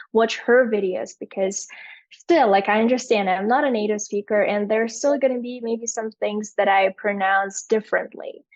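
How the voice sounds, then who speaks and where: A woman's voice: medium pitch, a little mellow, no room sound, lo-fi sound. A young Russian woman, an English teacher, chatting in an interview over a video call, speaking English with an American-leaning accent, laughing often and using many fillers. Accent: American-leaning English learned as a second language. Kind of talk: casual interview chat.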